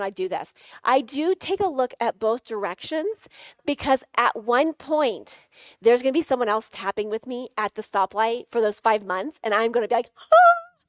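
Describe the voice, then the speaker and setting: A middle-aged woman leads a live sales workshop, her voice sitting a touch high as she coaches the audience step by step. She keeps it playful, tossing in jokey asides and laughing often. The sound is close and dry. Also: dry recording. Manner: playful, coaching, guides audience through tapping exercises.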